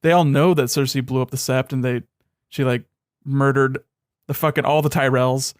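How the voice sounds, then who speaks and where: A young podcast co-host with a smooth, clear voice and a sardonic, profane way of griping. He often sinks into quiet, dismissive mutters. The sound is dry and close to the mic. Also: fairly even intonation, moderate pace, no echo. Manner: sardonic, swearing, trails off into low mutters. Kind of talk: casual chat.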